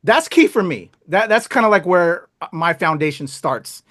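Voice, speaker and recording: A man's voice: sits high, expressive, moderate pace, fairly bright tone. A man hosting a casual movie review chat, talking hesitantly with many fillers and restarts. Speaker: host of a movie review show.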